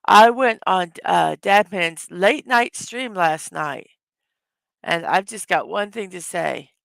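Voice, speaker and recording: A tired, hoarse woman hosting a casual morning livestream, greeting her chat viewers one by one. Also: fairly low pitch, expressive, slow, a bit bright, no room sound. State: tired from little sleep. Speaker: livestream host.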